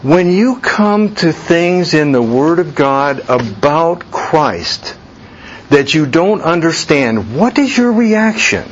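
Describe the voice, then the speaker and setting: Male pastor, sermon delivery, unhurried and measured, slightly raised pitch, dull recording with faint hiss. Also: big pitch swings. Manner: slow deliberate preaching, voice leaps high for quoted reactions.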